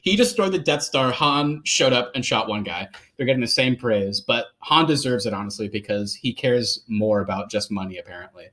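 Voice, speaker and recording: A man's voice: mid-range voice, expressive, moderate pace, hardly any pauses, sharp tone. A man co-hosting a movie podcast, rambling casually with lots of fillers and laughter. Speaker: podcast co-host. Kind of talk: casual film discussion.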